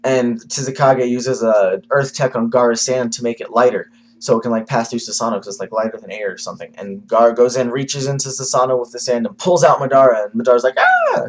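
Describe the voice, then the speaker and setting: Dude rambling thru a manga review on camera, lots of uh and um, swears casually. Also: male voice, medium pitch, fairly even intonation, fairly quick, slight background noise.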